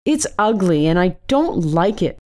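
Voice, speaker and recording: A woman's voice: fairly low pitch, very animated, measured pace, a little mellow, pitched above the performer's own voice. A woman voicing a whiny little girl in a storybook reading, pleading and insistent. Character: whiny little girl who hates spiders.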